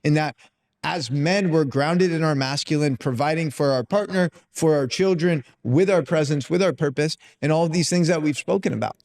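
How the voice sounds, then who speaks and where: A man's voice: on the high side, moderate pace, a little mellow. A man hosting a podcast, speaking emphatically and with passion, and swearing now and then. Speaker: podcast host. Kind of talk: casual podcast conversation.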